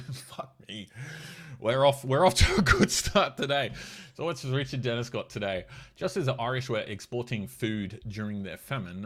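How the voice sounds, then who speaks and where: An Australian man with a cold giving blunt, sweary, mocking commentary in a casual political rant. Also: lowish voice. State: has a cold.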